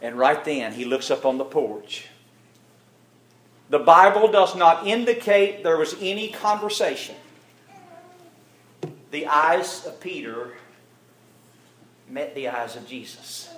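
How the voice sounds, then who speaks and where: A man's voice: a little high, animated, slow pace, long pauses, a bit bright, slight background noise. A man preaching a sermon, telling the story with feeling and acting out the characters' lines.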